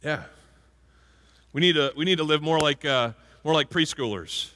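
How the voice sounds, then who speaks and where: A man's voice: fairly high pitch, moderate pace, pushed and bright. A male pastor giving a conversational sermon and asking the congregation questions. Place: church sanctuary. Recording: hall reverb from a church.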